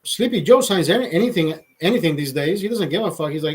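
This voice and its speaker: A man's voice: a little high, expressive, fast talker, hardly any pauses, breathy edge. A man hosting a casual livestream, rambling and swearing, laughing often as he talks to viewers. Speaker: livestream host.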